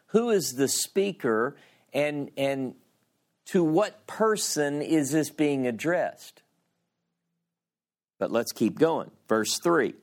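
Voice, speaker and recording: A man teaching a Bible class at a slow, unhurried pace, his voice sitting in a middle register. He reads scripture aloud with rising, dramatic emphasis. Then he drops into a loose, conversational explanation, often restarting his sentences. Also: medium pitch, very animated. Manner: slow and deliberate, with frequent restarts.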